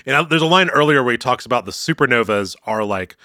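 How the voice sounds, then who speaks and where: Podcast co-host, man, animated recap, bright lively voice, dry close mic. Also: mid-range voice, fast talker, no echo. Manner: animated, acts out quotes in mock voices. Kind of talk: casual episode recap chat.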